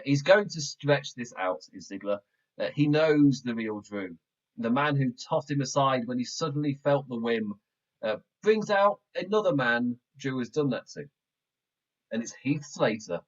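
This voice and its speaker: A man hosting a podcast in a casual, rambling way, excitable and often breaking into laughter. His voice sits in a middle register. The sound is muffled and lo-fi, as if caught on a backup mic. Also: medium pitch. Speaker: wrestling podcast host. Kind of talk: casual show review.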